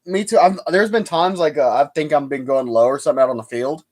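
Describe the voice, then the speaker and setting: A man's voice: a little high, fast talker, a little mellow. A young man hosting a casual livestream chat, rambling and laughing easily. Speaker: livestream host.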